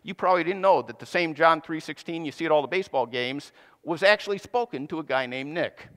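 Preaching with long hall reverb around him, a man recounts a Bible story in a chatty, relaxed way and throws in playful remarks. As the pastor, he speaks fairly quickly in a high, fairly bright voice.

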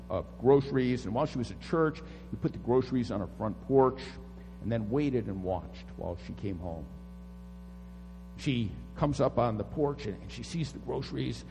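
A pastor preaching a sermon dramatically, swinging from hushed tones to booming calls. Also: male voice, in a large hall. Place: church sanctuary.

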